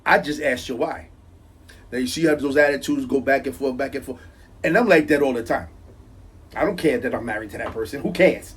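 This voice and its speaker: A man's voice: medium pitch, quick pace, breathy edge, poor audio. A man with a thick New York accent, telling a joking domestic story in a chatty, rambling way. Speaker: vlogger. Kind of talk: casual comic storytelling.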